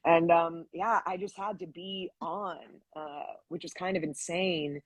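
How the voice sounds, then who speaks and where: A young woman with a slightly husky voice tells stories in a chatty, animated way, full of fillers and quick asides. She sounds close to the mic in a dry space, as if speaking on a live stream. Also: on the low side, no echo. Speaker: voice actress guest. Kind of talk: casual live-stream interview.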